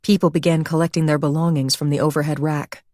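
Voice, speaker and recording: A woman narrating an audiobook in a steady, measured reading style. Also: sits low, no echo, studio quality. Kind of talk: scripted narration.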